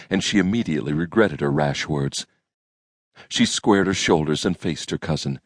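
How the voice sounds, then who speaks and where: A man narrating an audiobook in a measured storytelling manner, recorded on a close studio mic. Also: very deep voice, no echo. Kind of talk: scripted narration.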